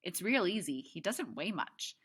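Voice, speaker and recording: A woman teacher reading a novel aloud to her class, expressive, with chatty asides to the students. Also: on the low side, a little slow, breathy edge.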